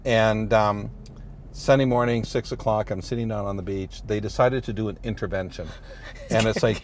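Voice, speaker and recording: Middle-aged priest, deep-ish voice, rambling and good-humored, road noise of a moving car behind him. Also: male voice, steady tone, moderate pace, a little mellow. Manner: rambling, many restarts and "you know"s, good-humored. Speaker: priest, interview guest. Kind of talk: casual storytelling chat.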